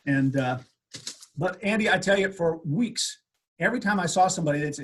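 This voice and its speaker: An older American man, a radio host appearing as a guest, tells brisk, energetic stories from his decades on the air in a slightly raised, husky voice. His pitch often jumps up when he quotes people during the interview.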